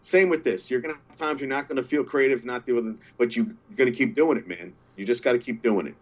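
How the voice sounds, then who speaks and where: A man's voice: mid-range voice, fast talker. A man guest on a podcast, talking earnestly in casual chat, encouraging his friend and often repeating himself.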